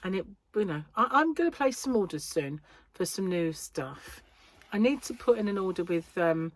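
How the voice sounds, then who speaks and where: This fairly low-pitched female voice carries no room sound. She's a crochet vlogger who also owns a yarn shop, a British woman from the UK with a British English accent, talking casually to camera from a corner of her house in a rambling, chatty, self-interrupting way.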